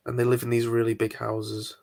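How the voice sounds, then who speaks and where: British guy on a chat call, jokey and teasing, middle pitch. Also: completely flat delivery, brisk, gravelly, a little mellow. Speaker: chat guest. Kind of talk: casual chat.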